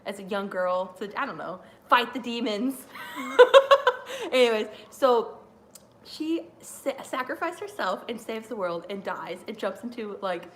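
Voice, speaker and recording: A woman streamer chatting live during a wrestling watch-along, rambling and excitable with lots of fillers. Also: medium pitch, moderate pace, slight background noise. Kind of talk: live reaction chat.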